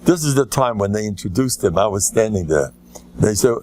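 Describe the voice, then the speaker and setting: A man's voice: fairly low pitch, expressive, a little fast, a little mellow, no echo. An older man, a rabbi giving an informal lecture, telling stories with joking asides and rambling restarts. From United States. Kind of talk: informal Torah lecture with anecdotes.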